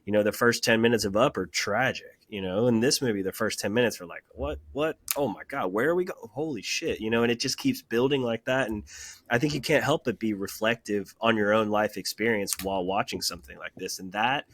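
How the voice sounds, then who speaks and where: Male podcast co-host, low voice, reflective and emphatic, dry close mic. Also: brisk, fairly bright tone, no echo. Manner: emphatic, reflective, many "you know"s. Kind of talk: casual chat.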